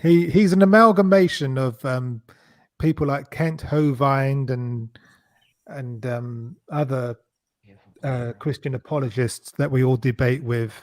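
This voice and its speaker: A man's voice: medium pitch, darkish tone. A man hosting a casual online panel chat, hesitant and full of ums. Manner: slow, hesitant, many ums. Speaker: show host.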